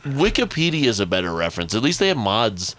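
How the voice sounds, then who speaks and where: A man's voice: fairly low pitch, very animated, fast, fairly bright tone. A man co-hosting a music production podcast, chatting casually, rambling and laughing often. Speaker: podcast co-host. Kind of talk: casual chat.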